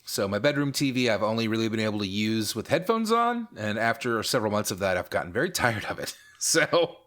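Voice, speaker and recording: A man's voice: on the low side, sing-song, fairly quick, a bit bright. A man hosting a podcast in casual chat, talking in an easygoing, rambling, self-mocking way. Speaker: podcast host.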